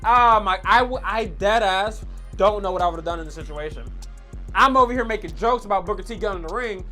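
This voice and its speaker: A woman recapping an old wrestling storyline in a casual, excitable, slang-heavy style, full of swearing. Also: medium pitch, fairly quick, soft background music. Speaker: wrestling commentary vlogger.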